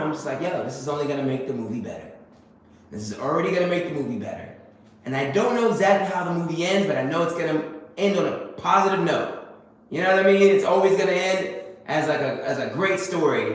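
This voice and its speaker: A man giving a casual motivational monologue, full of fillers and repeated phrases. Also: a little high. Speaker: host. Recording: very echoey room with faint noise.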